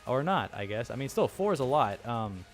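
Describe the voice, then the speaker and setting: Over soft background music, a young man with a very animated mid-range voice comments casually on his own gameplay at a normal pace. His let's-play talk is rambling and self-deprecating, dotted with chuckling asides.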